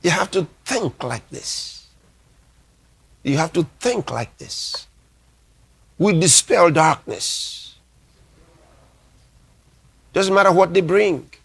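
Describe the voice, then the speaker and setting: A man preaching as a pastor, with a fairly high voice that rises on emphatic lines. He speaks slowly and deliberately, repeating key phrases. He reads scripture aloud in a measured cadence. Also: lively intonation, gravelly, fairly bright tone, slightly rough. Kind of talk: sermon.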